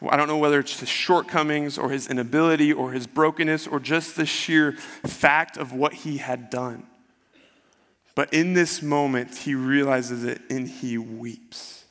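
A man's voice: on the high side, fairly even intonation, measured pace, a bit bright. A man preaching a sermon, retelling the story in a conversational way and acting out the quotes. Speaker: pastor. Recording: long hall reverb.

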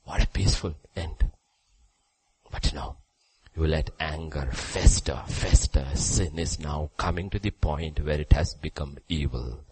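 A man preacher delivering a sermon, swinging between loud urging and quiet drops. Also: extremely low pitch, measured pace, breathy edge, low-quality recording.

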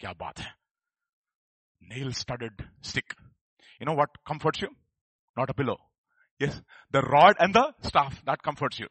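A man preaching a sermon, swinging between loud emphatic calls and quiet asides and prompting the congregation to respond. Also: mid-range voice, lively intonation, measured pace, pauses often, slightly rough, no room sound, low-quality recording. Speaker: pastor. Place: church service.

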